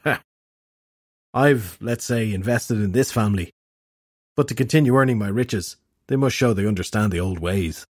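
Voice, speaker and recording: Sly male fairy, slow and lordly, husky low tone, dry close sound, narrator puts him on. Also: no echo, close to an everyday voice. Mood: smug.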